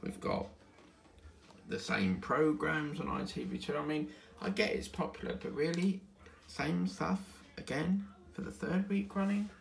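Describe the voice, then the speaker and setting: A man's voice: a little high, a little slow, creaky. A tired man chatting casually at home while he crafts, rambling between topics and humming to himself. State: tired, yawning. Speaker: diamond painting channel host.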